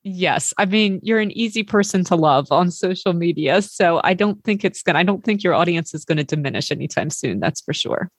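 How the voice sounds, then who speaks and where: In a clean studio recording without room sound, a woman from Maryland, United States, hosts a podcast and interviews a remote guest casually. Her lowish voice has lively intonation, and she talks briskly with few pauses. She's a warm, chatty storyteller who uses many fillers.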